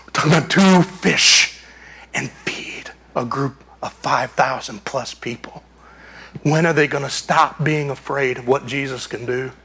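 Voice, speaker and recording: A man preaching a sermon as a pastor, animated, acting out screams and voices while he tells the story. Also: on the high side, vocal fry, breathy edge.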